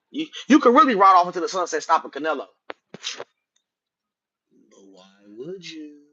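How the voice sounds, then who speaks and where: A man, profanely ranting about boxing to his livestream chat, swinging between loud outbursts and muttered asides. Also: a little high. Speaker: boxing commentator streaming to chat. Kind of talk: casual livestream rant. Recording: dull lo-fi stream audio.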